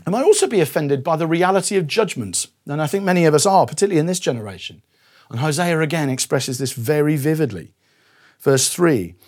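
Man, preacher, sermon, husky, fairly high voice, earnest. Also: expressive, brisk. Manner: earnest, drops to a hushed voice for acted quotes.

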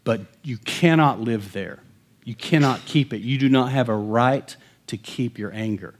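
A middle-aged pastor weaves a personal story into his sermon from the pulpit, his mid-range voice dropping almost to a whisper on tender lines. He then swings loud and slow to hammer points home, with slight background noise audible.

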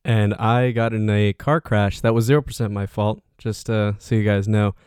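A man's voice: lowish voice, flat delivery, moderate pace, darkish tone, clean tone, dry recording, clean studio sound. Upbeat young man hosting a podcast. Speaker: podcast co-host. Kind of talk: casual chat.

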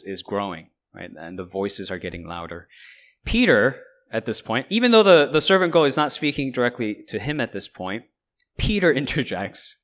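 A man giving a verse-by-verse Bible teaching, who explains in a conversational way and often checks in with "right?". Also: mid-range voice. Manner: explains and paraphrases in lively asides.

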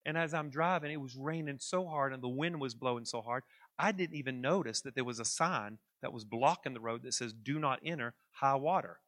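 A man preaching as a pastor, telling a lively anecdote with chuckles and asides to his congregation. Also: medium pitch, fairly quick, no echo, studio quality. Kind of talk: storytelling sermon.

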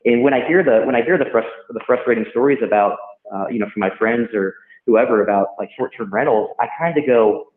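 A man hosts a casual podcast chat, weighing his words and hedging with care. His voice comes through thin and phone-like, with a roomy echo around it. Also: mid-range voice. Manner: measured, thoughtful, hedging. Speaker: podcast host. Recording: tinny phone line in an echoey room.

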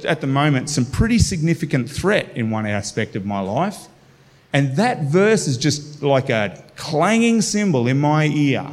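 A man preaching a sermon in an earnest, conversational way, restarting phrases and breaking into spoken prayer. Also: mid-range voice. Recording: long hall reverb.

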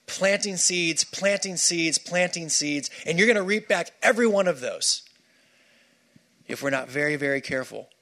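A man's voice: fairly high pitch, lively intonation, moderate pace, sharp tone. A man preaching a sermon, emphatic and repeating key phrases for stress.

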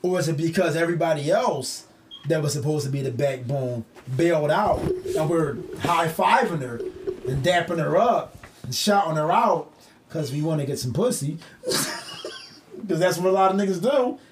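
Casual podcast co-host, young man, high and lively voice, profane storyteller. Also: normal speed, slight background noise. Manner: animated, profane storytelling with put-on quotes.

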